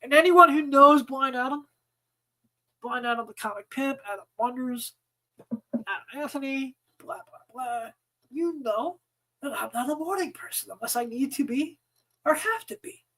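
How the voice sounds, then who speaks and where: A man's voice: extremely high pitch, moderate pace, pushed and bright, rough recording. A man hosting his own podcast, ranting angrily and swearing often. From United States. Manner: angry, exasperated, swearing often. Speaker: podcast host. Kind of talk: profane ranting monologue.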